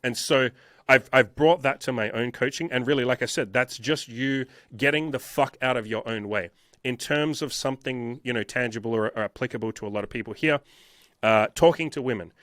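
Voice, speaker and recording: Bright, emphatic male dating coach. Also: mid-range voice, a little fast, dry recording, studio quality. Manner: emphatic and repetitive, frequent swearing. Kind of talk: casual interview talk.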